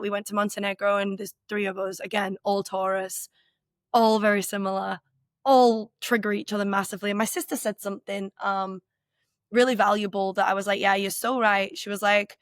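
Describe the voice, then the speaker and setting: In a clean, echo-free studio recording, a woman in her thirties co-hosts a podcast with a steady, mid-range voice at a brisk pace. She speaks candidly and with emotional openness, rambling through a casual, reflective conversation full of filler words.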